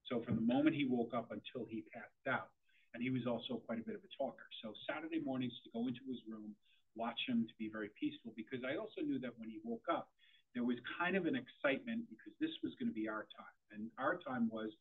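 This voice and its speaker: A man speaks to a room of parents in a conversational style, restarting his sentences with repeated words. His voice is a little husky and sits at an ordinary pitch. The sound is thin and tinny, like a phone line. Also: fast talker. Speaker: parent forum presenter. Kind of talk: presentation to parents.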